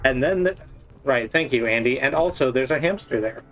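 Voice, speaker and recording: A man's voice: medium pitch, lively intonation, normal speed, a bit bright, faint music behind. Chatty man co-hosting a stream. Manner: chatty, nerdy explainer, thanks chat. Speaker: stream co-host. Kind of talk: casual live-stream chat.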